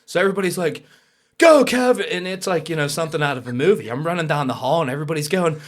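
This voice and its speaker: A young adult man telling a personal story as a podcast guest, lively and casual, with swearing. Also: on the high side, racing. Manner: animated, swears, acts out quoted voices.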